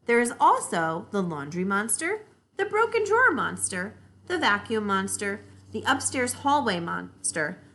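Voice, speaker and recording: A woman teacher reads a children's chapter book aloud and then talks through it for a reading lesson. Her voice is bright and clear, and it moves up and down in a very lively, expressive melody. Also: medium pitch, a little slow. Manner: expressive, guiding storytelling.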